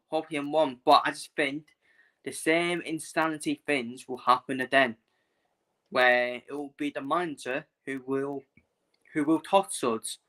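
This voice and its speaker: A man's voice: medium pitch, bright, forceful tone. A man from England ranting casually about football in a blunt, repetitive way, previewing matches for his channel.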